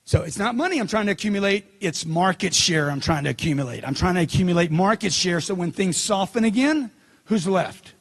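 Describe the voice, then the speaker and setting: A man's voice: sits high, expressive, a little fast, husky. A middle-aged man speaking as a motivational speaker at a seminar, punchy and emphatic, repeating lines for effect. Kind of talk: seminar speech.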